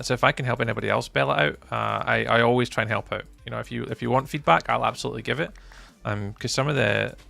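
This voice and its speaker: Gravelly man with a mild Scottish accent. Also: medium pitch, bright, forceful tone. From Scotland. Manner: chatty, replies to viewers' chat messages. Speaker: game streamer. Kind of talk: casual live-stream chat.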